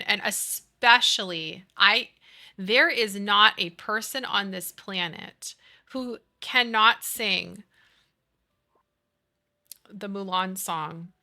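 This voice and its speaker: A woman's voice: mid-range voice, sharp tone. A woman in her thirties chatting casually on a game stream, gushing and giggly as she talks to her chat. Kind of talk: casual chat with chat while gaming.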